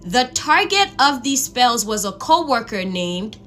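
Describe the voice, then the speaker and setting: A woman narrating a spooky story for her channel in a scripted, animated manner. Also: a little high, measured pace, soft background music.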